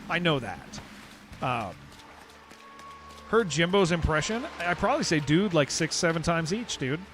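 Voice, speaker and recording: Unhurried and on the high side, a young San Diego man with a Californian accent streams a game and chats casually, his voice a bit bright and swinging widely in pitch. He rambles, restarts sentences, and says "dude" a lot, with faint music in the background.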